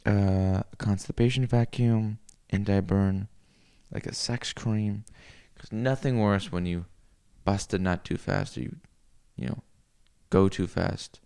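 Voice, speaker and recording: A man rambling through a crude comic monologue, cursing freely and swinging into loud rants. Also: on the low side, steady tone, a little slow, gravelly, clean tone.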